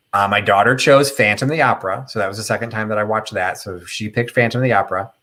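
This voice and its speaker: Rambling middle-aged man with a lowish voice. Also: pushed and bright. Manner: rambling, tangent-prone storytelling with many fillers; opinionated. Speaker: host of a live chat stream. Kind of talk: casual live chat.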